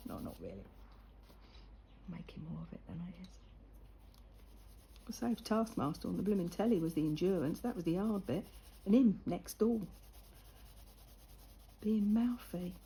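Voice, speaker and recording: Older woman, mellow husky voice. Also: on the high side, rough recording. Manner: chatty storytelling with lively retold quotes. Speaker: vlogger. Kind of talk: casual chat while colouring.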